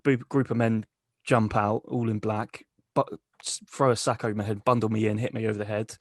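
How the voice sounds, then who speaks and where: A man co-hosting a comedy podcast, telling a crude, deadpan tall tale. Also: lowish voice, brisk, no room sound, studio quality. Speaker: podcast co-host. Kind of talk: comic storytelling.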